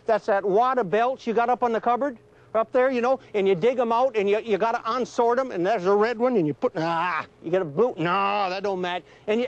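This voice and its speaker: A middle-aged former trooper lectures a class in a folksy, down-to-earth way, sketching scenes as he tells his stories. His voice sits unusually high for a man. The sound is dull and lo-fi, like early 1980s film audio. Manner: folksy, conversational, draws pictures while telling stories. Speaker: retired police trooper giving a safety talk. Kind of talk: folksy storytelling lecture to students.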